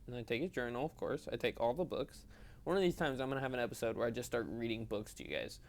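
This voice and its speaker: A man's voice: mid-range voice, fast. A young adult man giving casual, rambling, self-deprecating gameplay commentary while tired and yawning. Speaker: gaming video host.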